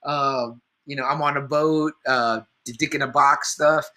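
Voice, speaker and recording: A man's voice: medium pitch, fairly even intonation, unhurried, bright, forceful tone. A man co-hosting a podcast, chatting casually about comedy movies, rambling, swearing often and a little tipsy. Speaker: podcast co-host.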